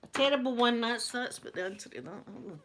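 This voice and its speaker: A woman's voice: a little high, lively intonation, fast, very noisy. Chatty self-mocking Scottish woman. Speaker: ASMR vlogger. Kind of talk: casual chat to viewers. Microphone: laptop.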